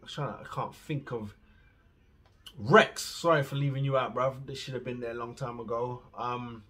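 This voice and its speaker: A man, ranting bluntly in a casual reaction video and swearing freely, swinging from muttering to loud outbursts. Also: mid-range voice, husky. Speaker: reaction vlogger.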